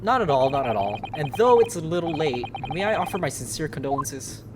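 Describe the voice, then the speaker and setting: A woman voicing a showy, teasing English gentleman detective, with grand, drawn-out theatrical phrasing. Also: deep voice, very animated, background noise. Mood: grandly polite. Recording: loud game music underneath.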